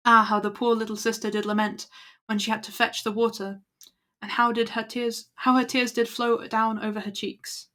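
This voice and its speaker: A woman's voice: fairly high pitch, little pitch movement, normal speed, sharp tone. A woman reading old fairy tales aloud to her stream at an easy pace, with small slips. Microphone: laptop built-in mic.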